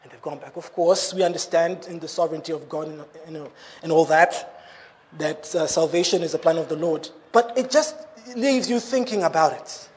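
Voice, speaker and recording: A man preaching a sermon in an animated way, breaking into laughing asides. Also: a little high, moderate pace.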